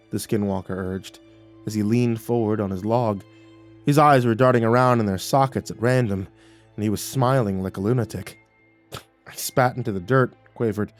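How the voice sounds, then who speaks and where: A man's voice: lowish voice, normal speed, soft background music. Man narrating a horror story, profane and vivid. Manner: vivid, profane, grows excited. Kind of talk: first-person horror storytelling.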